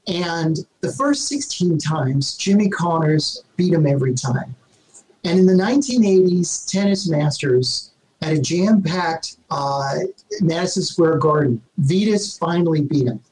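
A man's voice: high voice, a little mellow, poor audio. Upbeat man giving a motivational talk. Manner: emphatic, upbeat, asks rhetorical questions. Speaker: guest, public speaker.

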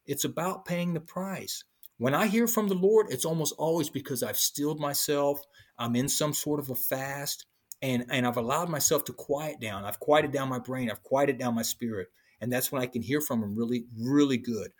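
A man, a guest on a faith podcast, telling his testimony in a lively way and acting out what people said to him. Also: medium pitch, moderate pace. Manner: animated storyteller, acts out quoted speech. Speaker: interview guest.

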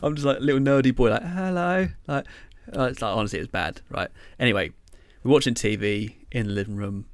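A man's voice: lowish voice, quick pace, few pauses, no echo. A young man chatting casually as a podcast co-host, telling a rambling story full of fillers and swearing.

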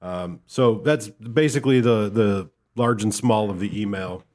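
A man co-hosting a podcast with a Midwestern American accent, talking in a relaxed, rambling, self-deprecating way. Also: fairly low pitch, unhurried. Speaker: podcast co-host. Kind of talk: casual chat.

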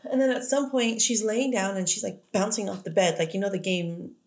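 A woman co-hosting a podcast, her voice sitting at an ordinary middle pitch. She chats casually and bluntly, swearing freely and breaking into laughter often. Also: fairly quick. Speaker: podcast co-host. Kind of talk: casual chat.

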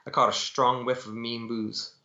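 A man's voice: medium pitch, little pitch movement, moderate pace, sharp tone. Man reading fiction over a roomy call. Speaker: author reading his book. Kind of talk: first-person fiction reading. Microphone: video call. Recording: dull echoey call audio.

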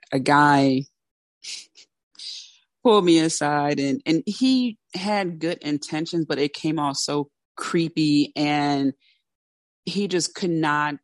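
Low-voiced woman giving direct advice. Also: no room sound, clean studio sound. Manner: direct, candid and conversational. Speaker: podcast host and coach. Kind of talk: motivational solo talk.

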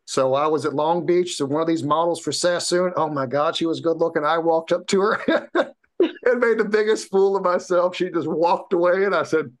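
Speaking at a moderate pace in a slightly high voice, a man casually recounts a personal story as a podcast guest. He is animated, swears without holding back and acts out the quotes of others.

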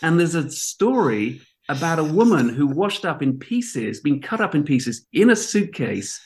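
A middle-aged man telling anecdotes in a casual interview, animated, with loud outbursts and swearing. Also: fairly high pitch, unhurried. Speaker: guest. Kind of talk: casual storytelling.

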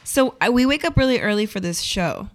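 A woman's voice: a little high, brisk. A young adult woman co-hosting a morning radio show, telling stories in a casual, chatty way with lots of fillers. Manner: chatty, animated storytelling with many fillers. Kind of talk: casual chat. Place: radio studio.

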